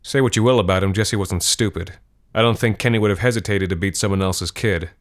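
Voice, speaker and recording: A man reading a scripted horror story in a measured, grim manner. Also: fairly low pitch.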